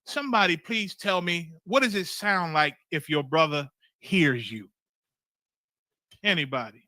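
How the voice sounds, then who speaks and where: A man's voice: on the high side, lively intonation, measured pace, pushed and bright, no echo. A man leading a scripture study on a livestream, preaching in a fiery, blunt and profane way with emphatic repetition.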